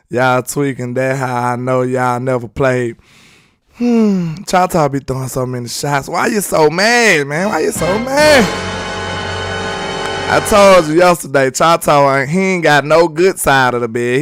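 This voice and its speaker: A man's voice: mid-range voice, clear, resonant tone, no echo, clean studio sound. A young man from Alabama with a Southern US accent, hosting live sports talk in a loose, joking, slangy way while reading viewer chat.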